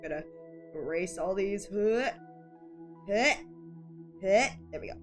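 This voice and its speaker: A woman's voice: mid-range voice, expressive, takes it slowly, soft background music. A woman streaming while drawing, chatting casually in a rambling, giggly way and swearing now and then. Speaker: art streamer.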